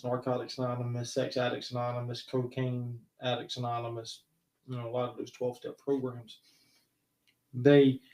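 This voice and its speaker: A man's voice: mid-range voice, creaky, darkish tone. A man hosting a podcast, a counselor, talking in a thoughtful, hesitant way with many fillers and restarts. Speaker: host. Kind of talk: casual podcast chat. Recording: roomy echo.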